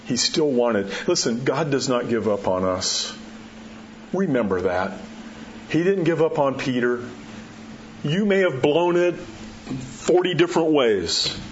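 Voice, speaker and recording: A pastor giving a sermon in a conversational way, acting out the quotes and dropping his voice low to drive points home. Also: animated, takes it slowly, long pauses. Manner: conversational preaching, acts out quotes, drops low for emphasis. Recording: dull muffled sound with faint background hiss.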